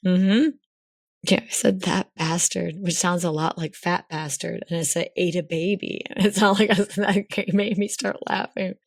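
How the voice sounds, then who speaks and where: A woman co-hosting a podcast, telling a story in a casual, animated way with lots of fillers. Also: on the low side, moderate pace, vocal fry, dry recording, studio quality. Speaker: podcast co-host.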